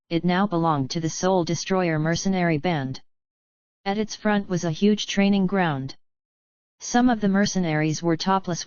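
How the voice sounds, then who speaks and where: A woman narrates a fantasy audiobook in a steady, even read. Her voice is smooth and somewhat low. The recording is dry and a little dull and muffled. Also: dry recording. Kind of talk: scripted narration.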